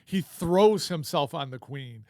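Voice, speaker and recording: A man's voice: a little high, expressive, warm tone, no room sound, studio quality. A man co-hosting a podcast, chatting casually and jokingly about a Bible story. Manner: jokey, quick to laugh. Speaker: podcast co-host.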